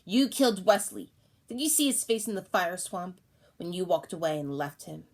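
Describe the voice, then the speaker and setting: A woman's voice: on the low side, moderate pace. A woman voicing an eerie baby boy from a nightmare who speaks in a cold, accusing way.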